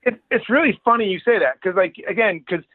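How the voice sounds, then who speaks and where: Higher-voiced guy telling industry stories, dry close sound, kinda acts out the quotes. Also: a little fast, no echo, narrow, tinny audio. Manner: animated anecdote teller, acts out quotes. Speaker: guest, entertainment executive. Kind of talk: casual podcast chat, storytelling.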